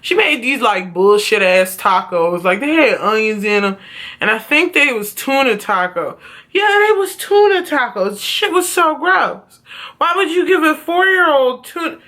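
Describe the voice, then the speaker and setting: Woman vlogger, bright sharp voice, cussing her way through a storytime. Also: sits high, a little slow. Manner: profane, animated storytelling. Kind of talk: casual storytime vlog.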